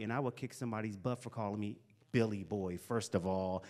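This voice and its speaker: A man in his forties from the Washington DC area, a motivational speaker telling his life story to young people in an animated way, often checking in with "right?". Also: fairly low pitch, a little fast. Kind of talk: storytelling talk to youth.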